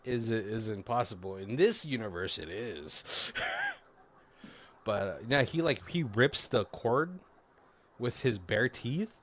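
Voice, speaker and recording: A man's voice: on the low side, expressive, slow, a bit bright. A man casually recapping a movie plot on a podcast, rambling with lots of fillers and self-corrections. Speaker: podcast co-host.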